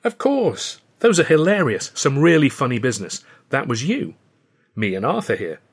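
A man's voice: mid-range voice, big pitch swings, normal speed, husky, voice pushed up. A man reading an audiobook, voicing a jovial, modest large male comedian with a genial, chuckling manner.

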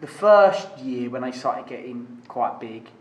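A man's voice: medium pitch, lively intonation, unhurried, a little hiss or hum. A man chatting casually, rambling along with easy swearing. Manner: rambling, swearing, laughing easily. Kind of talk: casual chat. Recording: echoey room with faint ambience.

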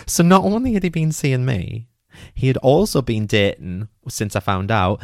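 A young British man hosting a podcast, telling his own story in an animated, self-mocking way and swearing freely. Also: mid-range voice, normal speed, gravelly, no room sound, clean studio sound. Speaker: podcast host.

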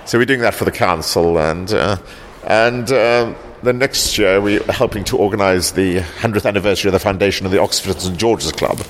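A lowish-voiced man, born in South Africa and the founder of a local heritage group, is being interviewed. There's a little hiss or hum, and he speaks in fits and starts, doubling words and often closing with "actually".

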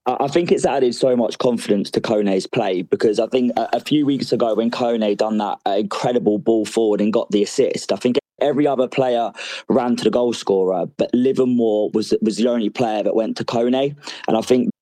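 A man's voice: mid-range voice, normal speed, mellow, dry recording. A man calling in to a fan chat, talking casually and a little hesitantly. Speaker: caller. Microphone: online audio call.

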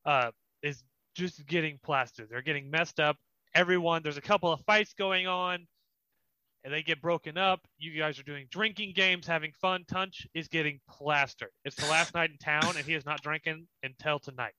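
A man running a tabletop game as dungeon master, describing scenes with pauses and fillers. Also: a little high, pushed and bright, smooth, dry recording. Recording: slightly muffled dry recording.

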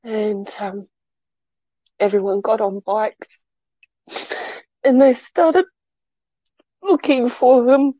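A middle-aged woman telling a personal story in an interview, halting and repeating words as she goes. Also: fairly high pitch, lively intonation, warm tone, dry recording, dull audio. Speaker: interview guest.

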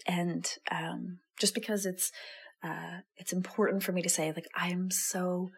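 A woman's voice: fairly low pitch, little pitch movement, measured pace, husky. A woman hosting her own show, talking candidly and earnestly to listeners and swearing casually as she goes. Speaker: podcast host and coach. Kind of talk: intimate monologue to listeners.

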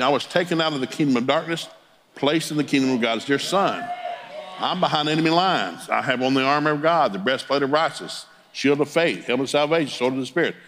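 A man's voice: medium pitch, fairly bright tone, a little hiss or hum. A middle-aged man, a Pentecostal preacher, telling humorous family stories in a sermon and chuckling as he talks. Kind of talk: folksy storytelling sermon.

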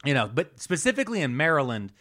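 Brief: male podcast host, animated storyteller, swooping delivery. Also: on the high side, fast. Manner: animated, rambling, jokey. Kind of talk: casual history storytelling.

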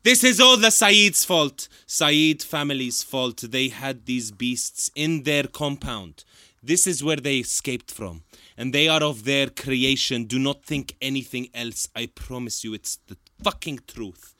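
A pushy adventurer swears his way through his demands, as a man puts him on. The voice is bright and fairly high, sounding dry and close, with faint music behind it. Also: lively intonation, measured pace, few pauses, no room sound. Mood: insistent. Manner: forceful, swearing, insistent. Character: forceful, foul-mouthed male adventurer.

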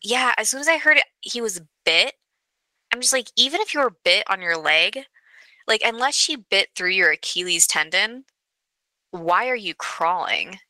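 A woman in casual conversation, reasoning aloud about a film with quick asides, talking over a remote call from her computer. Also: mid-range voice, lively intonation, sharp tone, no echo, low-quality recording. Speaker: co-host. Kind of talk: casual chat.

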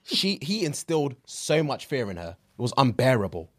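Co-host, man in his 30s, husky, swings wildly in pitch, laughs a lot. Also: very animated, normal speed, a bit bright. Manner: laughs often, emphatic. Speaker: podcast co-host. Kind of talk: casual banter.

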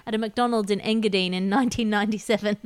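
A woman from Australia hosting a satirical news podcast in a deadpan, mock-exasperated way. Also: mid-range voice, fast talker, clear, resonant tone. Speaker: comedy podcast host.

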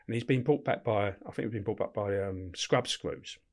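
A man's voice: on the low side, normal speed, darkish tone. A middle-aged man, a guest in a podcast interview, telling stories bluntly and swearing freely. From England. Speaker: podcast guest, former prison officer. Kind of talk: casual storytelling interview.

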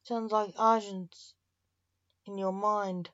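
Woman reading grieving widower, reaper king, slow delivery, dull dry audio. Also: medium pitch, level tone, fairly bright tone, no room sound.

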